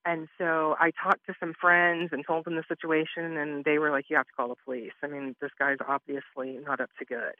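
A woman's voice: sits low, little pitch movement, a little fast, hardly any pauses, no echo. A woman, an interview guest, retelling what happened to her in conversational storytelling, acting out the back-and-forth of quoted exchanges. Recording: muffled lo-fi line, dry.

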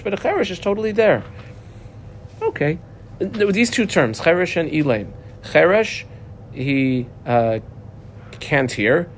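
A man leads a Talmud class, reading a line and then unpacking it plainly, pausing on fillers as he goes. His voice sits at an ordinary middle pitch. A faint rumble hums underneath the recording. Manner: explains step by step, reading text then translating, with many fillers. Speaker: Talmud teacher. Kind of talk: page-by-page Talmud lesson.

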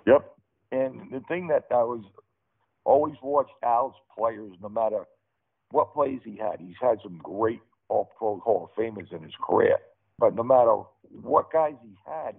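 A man's voice: medium pitch, creaky, slightly rough. A man, a former offensive line coach, chatting earnestly and repeating phrases for emphasis. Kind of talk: casual chat. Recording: phone-like narrow sound.

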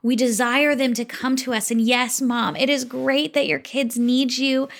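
A woman in her thirties speaks to fellow mothers in an earnest, conversational faith talk, often checking in with her listeners. Her voice sits fairly high for a woman. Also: fairly even intonation, measured pace, gravelly. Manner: earnest, conversational, with tag questions. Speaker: Christian mom speaker.

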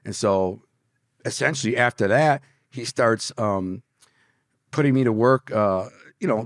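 A man from Detroit, a podcast guest telling a story in an animated, profane way, acting out voices and sound effects. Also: lowish voice, no room sound, studio quality. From Detroit, USA.

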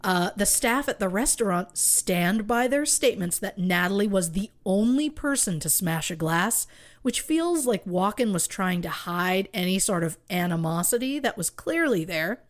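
A woman's voice: mid-range voice, expressive, moderate pace. A woman co-hosting a true crime podcast, telling the case with rhetorical questions and wry asides. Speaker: podcast co-host.

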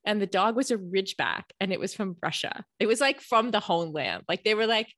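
Lively, laughing woman telling a story. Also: medium pitch, a little fast, dry recording, studio quality. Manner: chatty storytelling, laughs often. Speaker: podcast co-host. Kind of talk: casual chat.

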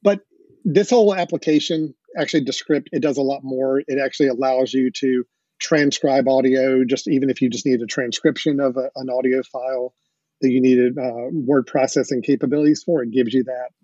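A man's voice: medium pitch, steady tone, a little fast, dark tone, husky, dry recording. A man hosting a podcast, explaining things with enthusiasm and the odd chuckle, on dull lo-fi audio. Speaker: podcast host. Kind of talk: casual podcast chat.

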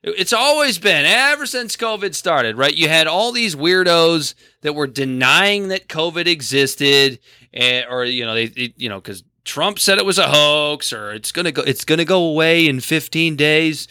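A man co-hosting a podcast, talking in casual, animated and exasperated bursts about politics. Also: on the high side, normal speed, clean tone, no echo, clean studio sound. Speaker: podcast co-host.

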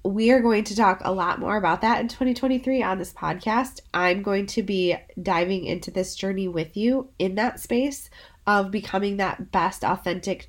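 A woman hosting a solo podcast, talking in an encouraging, chatty way while her voice is worn from being sick. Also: medium pitch. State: sick, voice under the weather. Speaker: podcast host.

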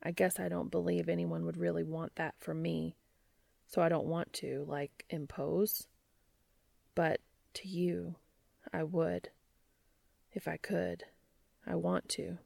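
Hushed, gravelly young man read by a woman, slow and soothing, audiobook. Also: lowish voice, little pitch movement, no echo, exaggerated voice. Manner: hushed, half-whispered. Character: gruff young man, comforting lover.

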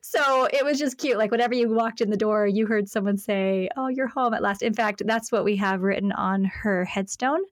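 A woman speaking as a podcast guest, telling stories with an animated, playful delivery and frequent laughter. She acts out quoted phrases in different voices. The sound is dry and close. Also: medium pitch, moderate pace, hardly any pauses, dry recording. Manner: laughs often while talking. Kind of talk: casual interview chat.

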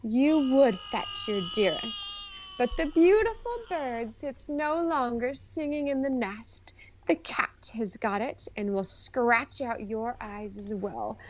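A wicked old enchantress, mocking and cruel, as a woman reads her aloud. The lines come slow and dramatic in a fairly high voice. A faint hum sits underneath. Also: lively intonation, poor audio. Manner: slow, dramatic storybook reading.

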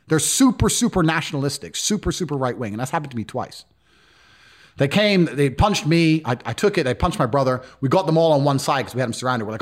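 A man's voice: medium pitch, lively intonation, quick pace. A man telling stories as a podcast guest in a blunt, profane, casual way. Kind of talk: casual storytelling.

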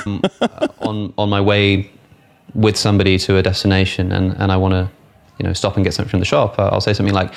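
A man's voice: deep voice, monotone, fast talker, gravelly. A man with a British accent asking questions in a polite, hesitant way, often restarting his sentences. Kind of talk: careful conversational questioning.

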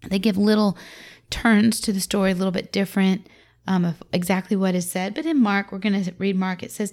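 A woman's voice: medium pitch, brisk, darkish tone. A woman, around her forties, giving a conversational devotional talk to mothers on a scripture story, acting out the quoted lines with feeling. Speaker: Christian speaker to mothers.

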